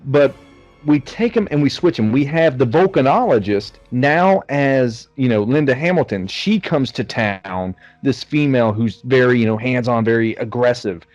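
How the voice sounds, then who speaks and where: A man's voice: medium pitch, lively intonation, moderate pace, a little mellow, no echo, lo-fi sound, soft background music. A man co-hosting a casual movie review podcast, joking and swearing freely. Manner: profane, jokey. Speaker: podcast co-host.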